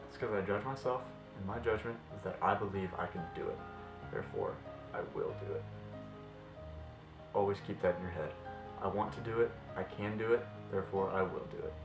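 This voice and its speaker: A man's voice: lowish voice, a little fast. A man in his twenties ranting passionately to camera in a fitness vlog, blunt and swearing freely. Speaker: fitness vlogger. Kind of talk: impassioned vlog rant to camera. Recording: roomy echo with faint music.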